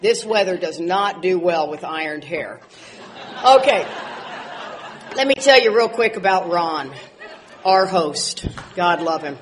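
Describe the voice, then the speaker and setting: A woman in her forties speaking at a recovery convention, telling animated stories with laughs and loud outbursts. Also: on the low side, takes it slowly, pauses often, slight background noise. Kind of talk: speaker talk to an audience.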